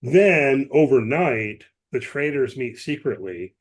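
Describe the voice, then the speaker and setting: A man's voice: medium pitch, expressive, slow pace, slightly rough. A man co-hosting a podcast, explaining at length in casual chat, with many asides and restarts. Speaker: podcast co-host.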